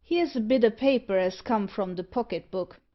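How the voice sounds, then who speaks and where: A woman's voice: mid-range voice, normal speed, lo-fi sound, natural voice. A woman reading the part of a nervous, superstitious male dog fancier. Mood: uneasy.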